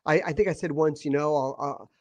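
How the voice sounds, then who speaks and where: Halting, emotional man telling a story. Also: on the high side, a little mellow, dry recording. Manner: emotional, halting, repeats words. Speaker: guest. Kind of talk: casual podcast storytelling.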